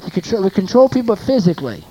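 A preacher with a mellow, warm tone gives a sermon. The delivery leans on rhetorical questions and repeated phrases, and swings between loud emphatic lines and quiet asides. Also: medium pitch, sing-song, fast talker, slightly rough, lo-fi sound.

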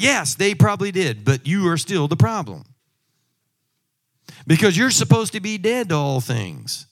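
Animated preacher man with lively delivery. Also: a little high, measured pace. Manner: emphatic, swings from loud exhortation to quiet asides, tells humorous personal stories. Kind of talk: sermon.

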